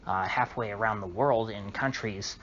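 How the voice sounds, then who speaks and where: A man hosting a solo political commentary monologue, talking in a halting way with frequent restarts and an indignant tone. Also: on the low side, a bit bright. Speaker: channel host. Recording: slightly dull recording with faint noise.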